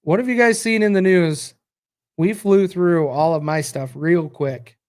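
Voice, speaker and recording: Tired, rambling American man, fairly high voice. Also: unhurried, a little mellow. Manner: rambling, reacts aloud to results and chat. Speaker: podcast host. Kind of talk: casual live-stream chat reading viewer comments.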